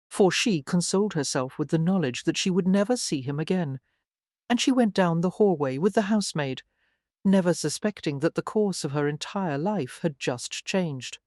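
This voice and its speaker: A woman reading a historical romance audiobook in smooth, even scripted narration. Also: on the low side, dry recording, clean studio sound.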